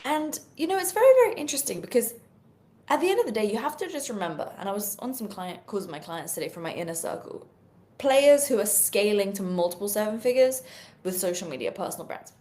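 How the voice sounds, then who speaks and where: A young British woman coaches live-stream viewers on selling through social media. Her medium-pitched voice moves at a quick pace, and she's energetic and chatty, dropping in lots of filler words.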